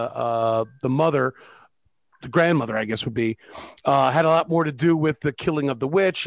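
A man's voice: medium pitch, creaky, dry recording. A man co-hosting a casual film review chat, sarcastic and profane, with plenty of filler words. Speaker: podcast co-host.

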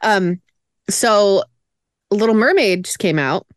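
A woman co-hosting a casual podcast chat, animated and quick to laugh. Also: mid-range voice, dry recording, studio quality. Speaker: podcast co-host.

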